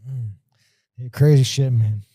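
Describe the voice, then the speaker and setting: A man's voice: mid-range voice, fairly even intonation, measured pace, dark tone, husky, no echo, clean studio sound. A man in his thirties telling stories in casual, rambling, heavily profane talk as a podcast guest. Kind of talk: casual chat.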